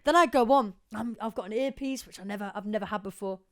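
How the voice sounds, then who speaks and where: A young woman co-hosting a podcast, telling stories in a chatty, animated way and swearing freely. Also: medium pitch, quick pace. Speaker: podcast co-host. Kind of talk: casual chat.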